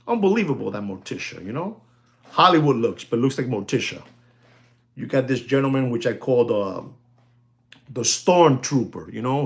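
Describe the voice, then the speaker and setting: A man hosting a casual watch sales talk, rambling and repetitive, often addressing "ladies and gentlemen" and laughing as he goes. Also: mid-range voice.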